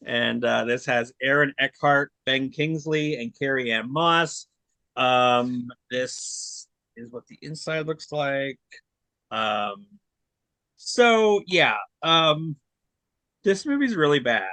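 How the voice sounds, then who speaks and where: A man's voice: mid-range voice, lively intonation, slow, bright, forceful tone, dry recording. A man co-hosting a podcast, chatting casually about new disc releases and giving blunt, rambling opinions full of fillers. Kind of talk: casual chat.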